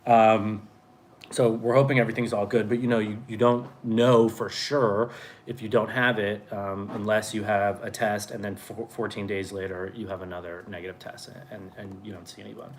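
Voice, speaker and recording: A man's voice: lowish voice, level tone, moderate pace, slight background noise. A man in his thirties co-hosting a home livestream, rambling and joking. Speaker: co-host, husband. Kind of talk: casual chat. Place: home, at a table.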